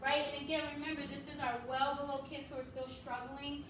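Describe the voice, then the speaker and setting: A woman's voice: high-pitched, level tone, a little fast, fairly bright tone. A woman reading teacher modeling a phonics lesson for other teachers, with upbeat, sing-song call-and-response cues. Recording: echoey room, distant mic, noise.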